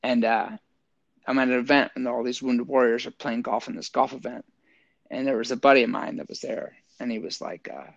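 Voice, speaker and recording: A man's voice: medium pitch, fairly quick, gravelly, dry recording, muffled recording. A middle-aged man, an army veteran and yoga teacher, casually telling stories in an interview and acting out what people said. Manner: animated storyteller, acts out quotes with lots of "like".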